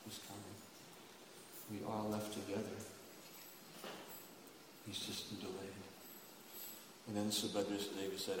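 A man's voice: lowish voice, flat delivery, a little slow, pauses often, background noise. A man preaching, retelling a sacred story in an emotive, dramatic way. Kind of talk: sermon storytelling. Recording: echoey hall, far from mic.

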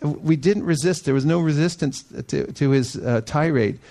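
A man giving a storytelling sermon, animated, acting out the people he quotes and laughing often. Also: fairly high pitch, moderate pace, creaky. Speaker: devotional speaker.

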